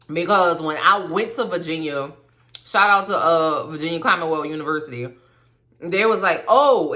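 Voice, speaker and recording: Sassy, bright-voiced woman recapping TV. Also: fairly low pitch. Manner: animated, profane, sassy storytelling. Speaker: commentary host. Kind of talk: casual TV recap chat.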